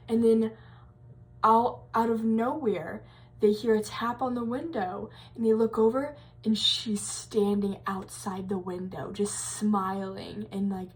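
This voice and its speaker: A young woman at college tells a creepy tale in a loose, rambling way, filling gaps with fillers and restarting her sentences. Her voice sits at an ordinary middle pitch. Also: steady tone, moderate pace. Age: young adult. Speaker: college vlogger. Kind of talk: casual storytelling.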